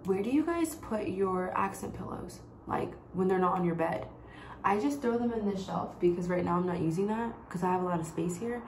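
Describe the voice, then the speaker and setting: A woman's voice: mid-range voice, lively intonation, a little fast, darkish tone, slight background noise. Chatty woman vlogging in an echoey room. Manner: rambling, chatty, heavy use of "like". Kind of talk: casual vlog chat. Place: home bedroom.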